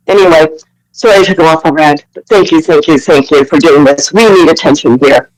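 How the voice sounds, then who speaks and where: A woman's voice: low voice, fairly quick, rough recording. Caller, woman from Canada, fired-up swearing rant, apologetic. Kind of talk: live audio chat room call-in.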